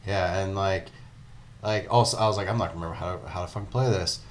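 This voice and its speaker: A man's voice: sits low, fast talker. A man co-hosting a casual gaming podcast, rambling with many fillers and laughing often. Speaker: podcast co-host.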